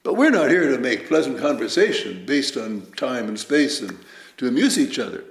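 A man giving a Zen dharma talk as teacher, measured and reflective, telling stories with lively emphasis. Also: medium pitch. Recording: roomy echo.

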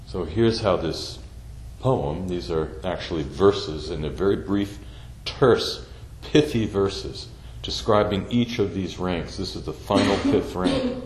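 A man giving a slow, deliberate Zen dharma talk, repeating phrases for emphasis. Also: low-pitched, darkish tone. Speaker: Zen teacher. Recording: echoey room with faint background noise.

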